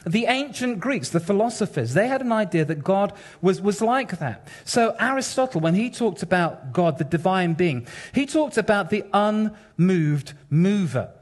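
A man preaching a sermon in an animated, wry, conversational way, addressing his congregation. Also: high-pitched, normal speed, hardly any pauses.

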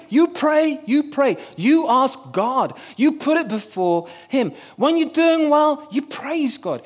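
A middle-aged man preaching a sermon and telling a personal story with humor. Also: very high voice.

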